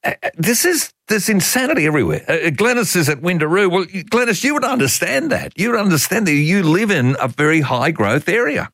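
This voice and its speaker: An older Australian man hosting talkback radio, with a fairly high voice. His folksy, opinionated delivery is animated and exasperated. He sounds close and dry. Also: brisk, hardly any pauses, no room sound.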